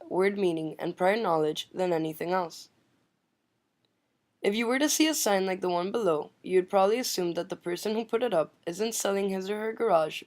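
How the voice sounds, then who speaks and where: A woman student reading her part of a class presentation, explaining terms. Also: medium pitch.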